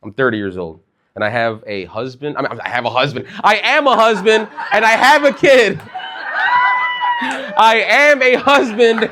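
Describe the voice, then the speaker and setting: A man's voice: high voice, noisy background. A man in his thirties from Chicago doing a loose, conversational stand-up set on a comedy club stage, dropping "like" and "bro" throughout. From Chicago, USA. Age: 30s.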